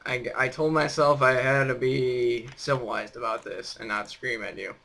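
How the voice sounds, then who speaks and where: A man's voice: mid-range voice, fairly even intonation, moderate pace, creaky, sharp tone. A young man hosting a casual chat on a voice call, rambling and teasing with lots of fillers. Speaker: host.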